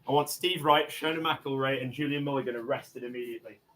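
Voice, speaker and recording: An Englishman livestreaming from inside a house, aggressive and profane, swinging between low muttering and angry shouting as he makes demands. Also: fast talker. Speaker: livestreamer in a police standoff. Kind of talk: livestreamed confrontation.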